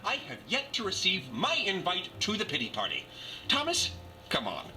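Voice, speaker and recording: A flamboyant vain prince persona. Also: male voice, sits high, wildly swooping pitch, moderate pace, pushed and bright, faint music behind, full character voice. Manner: grandiose, showy, dramatic. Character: vain, theatrical young male prince persona. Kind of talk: web sketch comedy.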